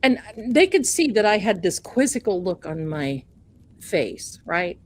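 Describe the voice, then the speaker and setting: A woman hosting a live stream tells a chatty, self-mocking story in an unhurried, folksy way. A faint background noise sits under her voice. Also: medium pitch, very animated. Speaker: livestream host.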